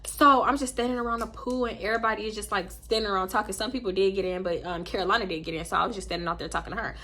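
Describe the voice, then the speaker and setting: A young woman with a Southern US accent rattles through a storytime vlog at a rapid clip. Her voice is bright and a little husky, and she jumps up high and squeaky whenever she acts out what people said. She talks casually and swears freely. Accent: Southern US, Houston. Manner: animated, profane, acts out quotes in a squeaky high voice. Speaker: storytime YouTuber.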